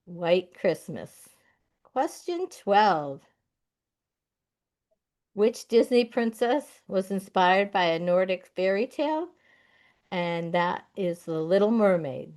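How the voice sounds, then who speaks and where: A woman hosting a library trivia night, reading out questions and their answers in a deliberate way. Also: medium pitch, expressive, darkish tone. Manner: slow, deliberate, announces each question number. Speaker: trivia quiz host. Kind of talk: reading quiz answers aloud.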